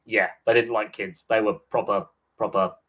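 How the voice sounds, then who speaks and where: A man's voice: fairly low pitch, steady tone, normal speed, fairly bright tone, rough recording. A man, chatting casually on a livestream and telling rambling stories with frequent laughs. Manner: rambling storyteller, laughs often. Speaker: sports channel host.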